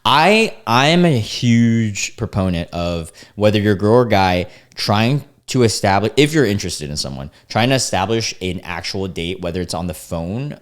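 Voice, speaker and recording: A young man with a fairly low voice talks through screenshots in a relaxed, amused tone. He trips over words, restarts sentences and chuckles as he goes. It sounds like a casual chat with viewers. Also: moderate pace, hardly any pauses. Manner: laid-back, amused, reads chats aloud with restarts. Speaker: commentary host reading screenshots. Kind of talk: casual reaction commentary.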